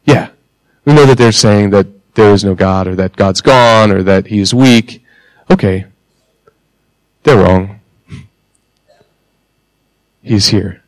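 A man preaching a sermon in a conversational way, asking the congregation questions and pausing for emphasis. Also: on the low side, no echo, rough recording. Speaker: pastor.

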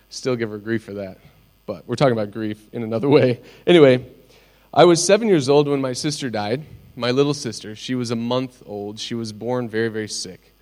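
A middle-aged man delivers a sermon in an earnest, personal way, pausing as he tells his own stories. His voice sits at a middling pitch. A faint hum runs under the recording. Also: darkish tone. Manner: earnest, personal storytelling with pauses. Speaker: pastor.

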